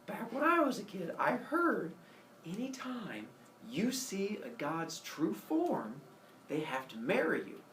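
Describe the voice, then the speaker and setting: A man's voice: sits high, wildly swooping pitch, slow pace, a bit bright, a little hiss or hum, pitched above the performer's own voice, full character voice. A man doing a sly scheming goddess. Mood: coaxing. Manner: sly, coaxing. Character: scheming goddess Hera posing as an old woman. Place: classroom. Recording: echoey room, camera far off.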